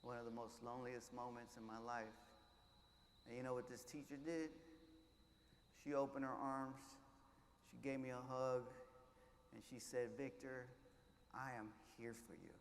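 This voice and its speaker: A man giving an inspirational keynote, telling his story with hushed lows and loud surges, mixing in Spanish words. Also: flat delivery, normal speed, long pauses, slight background noise. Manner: passionate, swings between hushed and loud, drops Spanish words. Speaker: keynote speaker. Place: large conference hall. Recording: echoey hall, faint ambience.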